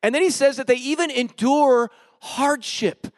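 A man delivers a sermon in a notably high voice, telling his own story with big emotional swings between loud, excited bursts and hushed moments. He talks casually, throwing in slang as he preaches. The sound is dry and close, with no room around it. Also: moderate pace, no room sound. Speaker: pastor. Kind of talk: sermon with personal testimony.

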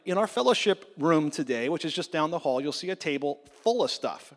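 A male pastor reads out church announcements in a friendly, informal way. His voice sits a little high. It rings out with a long reverb in the church hall. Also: brisk, hardly any pauses. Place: church sanctuary.

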